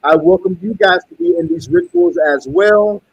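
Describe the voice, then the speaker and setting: A man reading tarot and pitching paid rituals in a salesy way, often repeating "okay" and "you guys.". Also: very animated, moderate pace, creaky, slightly rough, dry recording, muffled recording. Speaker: tarot reader and spell seller.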